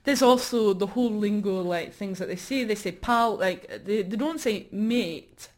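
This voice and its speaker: A woman's voice: medium pitch, unhurried. A woman artist performing comic, rambling chat, self-mocking and laughing often.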